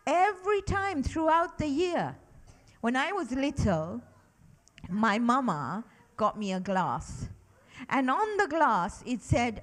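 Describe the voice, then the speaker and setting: A woman's voice: high voice, unhurried. A middle-aged woman giving a religious lesson to children, asking them lots of questions and leading them in call-and-response recitation. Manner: animated, asks children many questions. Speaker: children's lecturer at a mosque.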